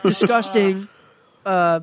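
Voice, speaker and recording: A young man from western New York, a guest on a podcast, telling crude stories in an animated way during casual chat. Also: high voice, takes it slowly.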